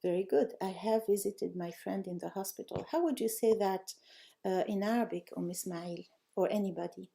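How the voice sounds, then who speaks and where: Encouraging language teacher, gravelly warm voice. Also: female voice, medium pitch, normal speed. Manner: encouraging, praises students often; reads out student answers and corrects them. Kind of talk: live online language lesson.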